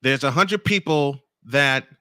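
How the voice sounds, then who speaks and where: A man's voice: medium pitch, slow, sharp tone, no echo, clean studio sound. A man hosting a morning show, ranting angrily at a critic and repeating his points for emphasis. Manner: confrontational, addresses a critic directly and reads comments aloud; emphatic, repeats phrases for effect. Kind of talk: angry on-air rant.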